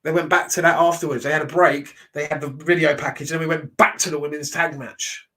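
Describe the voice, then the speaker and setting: A man's voice: on the high side, flat delivery, fairly quick, bright, forceful tone. A man, casually reacting to wrestling shows, blunt and ranting, swearing freely.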